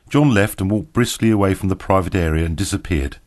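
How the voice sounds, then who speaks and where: A man narrating an audiobook in a steady, even reading. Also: low voice, brisk, few pauses.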